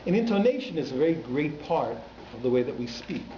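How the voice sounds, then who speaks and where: In an echoey synagogue hall, a man who is a rabbi teaches an informal Torah class, keeping it conversational and poking fun at the congregation in asides. His slightly high voice is warm and very animated, moving at a brisk clip. There's a little hiss or hum, and the sound is slightly muffled.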